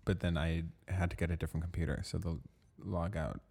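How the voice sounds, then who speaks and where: A man's voice: low-pitched, little pitch movement, brisk, creaky, a little mellow, slightly rough. A man co-hosting a casual podcast, teasing and playful. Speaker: podcast co-host. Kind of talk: casual chat.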